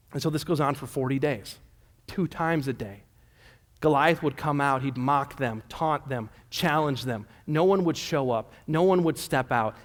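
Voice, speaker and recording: A male pastor giving a sermon, retelling a scripture story in a casual, conversational way. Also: on the high side. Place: church sanctuary. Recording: echoey church hall.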